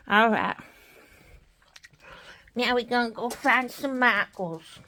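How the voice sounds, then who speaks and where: A woman playing with stuffed animals, talking in a slow, coaxing, babying sing-song manner. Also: fairly high pitch, pushed and bright. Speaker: caregiver playing with toys. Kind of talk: playful talk to an adult in her care.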